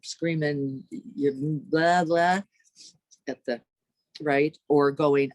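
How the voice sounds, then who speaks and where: Animated woman meditation teacher. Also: low voice, slow, no echo. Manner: animated, asks rhetorical questions, acts out inner voices. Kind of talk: dharma talk.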